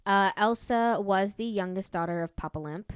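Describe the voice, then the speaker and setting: A woman's voice: mid-range voice, normal speed, clear, resonant tone, no echo. A woman co-hosting a podcast, casually telling a story with lots of fillers and self-corrections. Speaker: podcast co-host.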